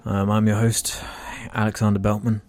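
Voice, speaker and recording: A man's voice: fairly low pitch, completely flat delivery, moderate pace, a little mellow. A young man hosting a casual banter podcast, joking, swearing and often laughing. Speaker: podcast host.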